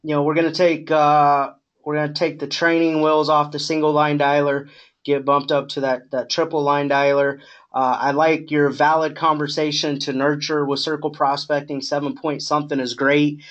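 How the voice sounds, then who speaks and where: A middle-aged man coaching a sales agent on a call, talking in a relaxed, encouraging way with many fillers. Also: fairly high pitch, normal speed, highs cut off.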